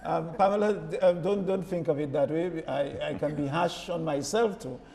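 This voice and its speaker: A man hosting a broadcast panel discussion, jovial and halting, with frequent restarts. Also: on the high side, creaky, mellow. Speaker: host. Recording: noisy roomy hall.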